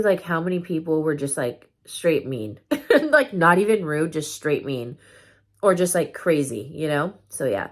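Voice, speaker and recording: A woman vlogger telling a story time in casual chat, full of fillers and loose swearing. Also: fairly low pitch.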